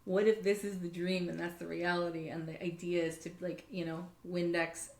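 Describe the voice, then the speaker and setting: A woman with a notably low voice chats on a podcast and tells stories with lively swearing and plenty of "like"s. The sound is roomy and echoey. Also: moderate pace. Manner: animated storyteller, swears freely, many fillers. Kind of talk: casual podcast conversation.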